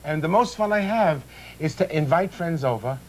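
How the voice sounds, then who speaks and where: High-voiced excitable man joking while cooking. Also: moderate pace, low-quality recording. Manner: jokey, excitable, bursts into high laughs. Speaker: celebrity guest cook. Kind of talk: comic chat while cooking.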